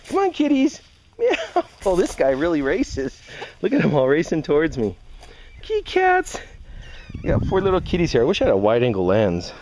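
A cat owner films outdoors on a handheld camera and chats casually while doing it. The voice swings widely in pitch and rises into cooing, sing-song calls. A faint hiss sits under the outdoor recording. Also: a little mellow. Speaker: cat owner filming her kittens. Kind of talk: casual narration while filming. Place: outdoors in a yard. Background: kittens meowing.

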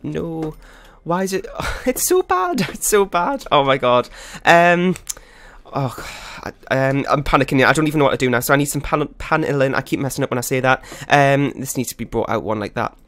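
A man's voice: mid-range voice, a little fast, a bit bright, dry recording. Male gaming host, frazzled running commentary, talks in a mid-range voice, dry close sound on a desk mic. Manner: flustered, rambling, self-critical. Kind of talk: live gameplay commentary. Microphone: desktop USB microphone.

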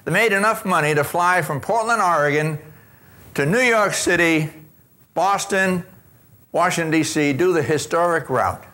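An older man giving a motivational talk on customer service, an animated storyteller who acts out his anecdotes with punch before a live audience. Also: fairly high pitch, moderate pace.

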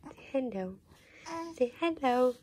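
A woman cooing to her dog and a baby at home, in a soft sing-song way. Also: high voice, animated, slow, a little hiss or hum. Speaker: dog owner filming her pets. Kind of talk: cooing baby and pet talk. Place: home, indoors.

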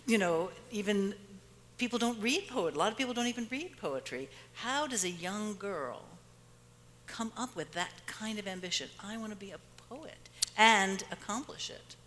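A woman's voice: mid-range voice, lively intonation, normal speed, fairly bright tone. A woman interviewer asking reflective questions in an onstage interview. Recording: reverberant hall, faint noise.

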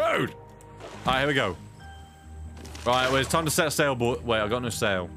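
A man's voice: medium pitch, lively intonation, moderate pace, long pauses, bright, forceful tone, faint music behind. A young British man streaming a survival game, reading chat aloud and cursing at what happens on screen. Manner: swears often, reads chat aloud, blurts reactions. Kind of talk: casual gameplay chat.

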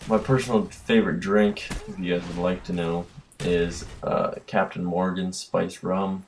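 A man's voice: low voice, level tone, a little slow, darkish tone. A tired, tipsy young man rambling through casual game commentary, trailing off and yawning late at night, recorded on a built-in computer mic. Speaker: gaming commentator. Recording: faint hiss from a built-in mic. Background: game gunfire.

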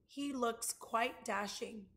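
A woman's voice: on the high side, slow pace, bright, forceful tone. Brief: vain male china rabbit, dry inner voice, woman reader. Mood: musing.

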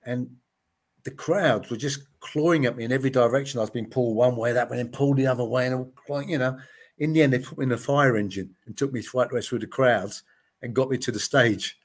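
A man's voice: medium pitch, a little fast. A man in his late sixties, a former TV gladiator, telling anecdotes in a casual interview and acting out the voices of the people he quotes. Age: 60s. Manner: chatty anecdotes, acts out quoted voices, frequent "you know".

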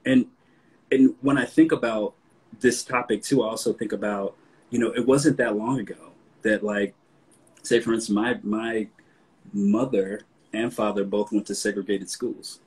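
A man with a Southern US accent hosting a casual interview, talking in a relaxed, conversational way and getting animated when he quotes himself. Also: lowish voice, normal speed, breathy edge, poor audio. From American South. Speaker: host.

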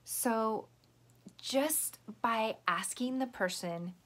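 A woman teacher giving a patient, gentle lesson to young children, explaining step by step. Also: on the high side, extremely slow.

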